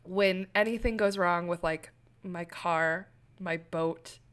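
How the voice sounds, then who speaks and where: Young woman, podcast co-host, casual chat, candid, animated, lower pitch. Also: takes it slowly, clear, resonant tone. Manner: candid, animated storytelling with laughs.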